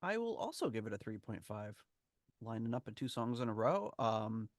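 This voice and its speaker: A man's voice: on the low side, sing-song, normal speed, no room sound, clean studio sound. A man hosting a podcast, chatting casually and animatedly, with frequent laughs and fillers. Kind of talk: casual chat.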